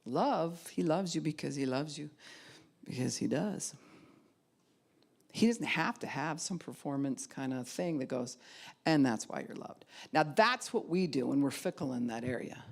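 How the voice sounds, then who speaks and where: Animated woman pastor preaching. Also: sits low, normal speed, vocal fry. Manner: animated, acts out quoted voices, drops to a soft hush. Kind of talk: sermon.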